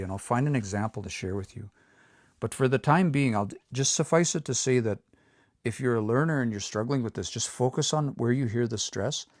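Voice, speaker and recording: A man teaching pronunciation on a livestream, repeating words slowly and coaching learners to say them out loud. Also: mid-range voice, dry recording, studio quality. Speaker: language teacher.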